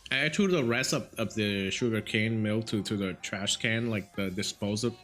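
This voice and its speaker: Faint music plays behind a young man streaming in casual chat, his English carrying a Vietnamese accent since it's his second language. His voice is on the low side and fairly bright at a moderate pace, and his rambling story is full of fillers and restarts.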